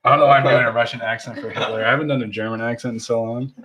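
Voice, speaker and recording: A man's voice: mid-range voice, steady tone, very fast, over a noisy crowd. A young man co-hosting a podcast in casual chat, joking crudely and dropping into silly voices. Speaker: podcast co-host.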